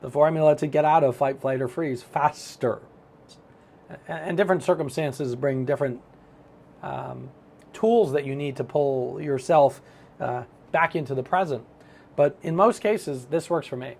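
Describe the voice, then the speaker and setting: A middle-aged man giving a motivational self-help talk, animated and storytelling as he acts out his own thoughts. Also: a little high, measured pace, vocal fry.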